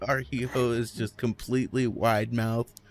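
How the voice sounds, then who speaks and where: A man playing in a tabletop game who laughs often and talks in a lively way. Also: medium pitch, moderate pace, a little hiss or hum. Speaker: player. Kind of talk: role-playing game chat.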